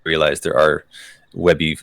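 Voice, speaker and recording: A man running a tabletop game as game master, hesitant, with many pauses and restarts. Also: a bass voice, level tone, vocal fry, a bit bright, dry recording.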